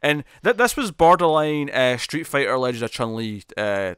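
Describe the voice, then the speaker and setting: A man of ordinary pitch co-hosts a casual TV review podcast. He talks in quick bursts, restarts and repeats words. The sound is dry and close, with no room. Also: clean tone, no echo. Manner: animated, repeats words, many fillers and restarts. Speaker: podcast co-host. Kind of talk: casual chat reviewing TV episodes.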